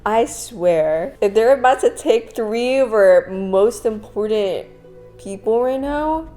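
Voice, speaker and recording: Slow, emotional woman in a roomy space. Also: on the high side, lively intonation, warm tone, soft background music. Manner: emotional, exclaiming, laughs often; casual slang. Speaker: book vlogger. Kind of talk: reading reaction vlog. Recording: roomy echo.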